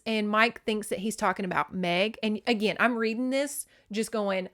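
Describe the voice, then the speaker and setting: A woman, hosting a casual book recap podcast. She talks in an animated way and slips into exaggerated voices whenever she quotes the characters. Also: a little high, moderate pace, few pauses. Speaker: podcast host.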